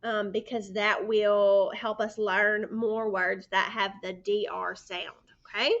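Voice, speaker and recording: A woman teaching first graders phonics, sounding out letter blends slowly and patiently, prompting the children to answer. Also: mid-range voice, flat delivery, fairly bright tone, highs cut off. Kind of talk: phonics lesson for young children. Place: indoors by a sunny window.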